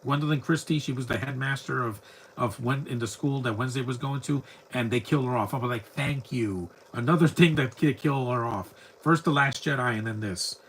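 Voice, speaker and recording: A man's voice: mid-range voice, a little fast, slight background noise, low-quality recording. A man giving live, rambling commentary over a movie, talking back at the screen bluntly and often stumbling over repeated words. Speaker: film commentator.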